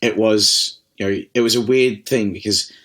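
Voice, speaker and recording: A New Zealand man who is managing director of a distillery tells stories as an interview guest in casual conversation. He has a lowish voice and moderate pace, and he's lively, laughing and rambling with restarts and swearing.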